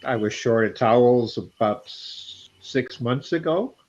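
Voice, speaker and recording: A man's voice: mid-range voice, unhurried. Older man in his seventies, rambling and laughing at himself, slightly dull call sound. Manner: rambling, self-deprecating, laughs often. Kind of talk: casual chat. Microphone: video call. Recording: slightly muffled call audio.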